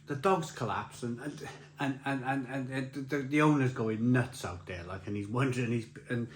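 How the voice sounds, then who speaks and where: At a beer festival, a beer vlogger with a mid-range voice rambles through a casual anecdote at normal speed, laughing and restarting often. There's a roomy echo, faint ambient sound, and slight hiss or hum.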